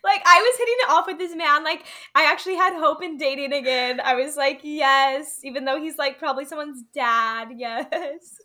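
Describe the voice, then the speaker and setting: A woman's voice: sits high, normal speed, hardly any pauses, pushed and bright. A young woman co-hosting a podcast, telling stories in casual chat, giggly and full of "like"s. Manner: giggly storytelling, many "like"s. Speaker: podcast co-host.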